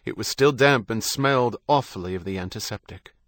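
A man narrating a novel in a measured, steady storytelling manner. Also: fairly low pitch, no echo, studio quality. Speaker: audiobook narrator. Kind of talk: scripted narration.

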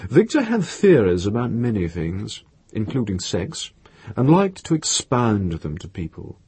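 Low, husky male audiobook narrator. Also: big pitch swings, measured pace, mellow, no room sound.

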